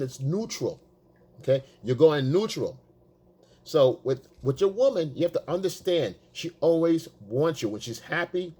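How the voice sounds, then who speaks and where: A man's voice: on the high side, a little mellow. A man talking as a dating coach, casual and profane, repeating himself for emphasis. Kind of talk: casual coaching talk to the camera.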